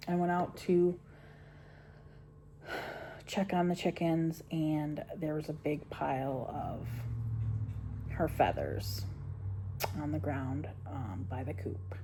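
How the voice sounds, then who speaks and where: A middle-aged woman talks casually at home while she crochets, rambling and trailing off into quiet mumbles. Her voice sits low and sounds mellow and relaxed. There is a faint hiss behind her. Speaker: homestead vlogger.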